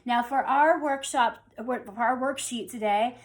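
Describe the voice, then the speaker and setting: A woman's voice: a little high, unhurried. Woman teaching rhythm, counting beats. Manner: relaxed and conversational, with fillers and restarts. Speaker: music teacher. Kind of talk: online music theory lesson.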